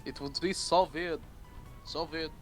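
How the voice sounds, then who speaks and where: A man's voice: on the high side, fairly even intonation, a little slow, faint music behind. A man chatting playfully with friends on a game stream, joking around. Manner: playful, jokes in silly voices. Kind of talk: casual chat while gaming.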